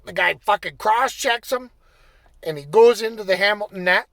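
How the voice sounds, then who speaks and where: A man telling a personal story in a casual, profane way, getting animated and raising his voice as he relives the anger. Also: high-pitched, moderate pace, gravelly, no echo. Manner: animated, swearing, bursts into shouting when reliving anger. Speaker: storyteller recounting his playing days.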